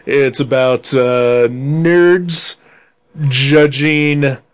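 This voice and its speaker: A man's voice: mid-range voice, fairly even intonation, drawn-out words, clear, resonant tone. A man co-hosting a podcast in casual chat, rambling with dry jokes. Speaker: podcast co-host.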